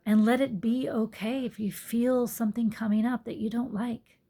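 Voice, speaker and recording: Husky, mellow-voiced woman musing earnestly. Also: a little high, steady tone, normal speed. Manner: earnest, soft-spoken, drops to whispered asides. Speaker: yoga teacher. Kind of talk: reflective personal monologue. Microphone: phone.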